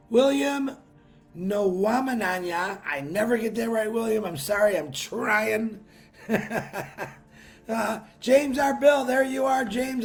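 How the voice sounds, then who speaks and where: A man's voice: sits high, vocal fry. A man hosting a live stream, chatting casually and greeting viewers by name with upbeat bursts, his voice worn from a long weekend. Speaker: livestream host.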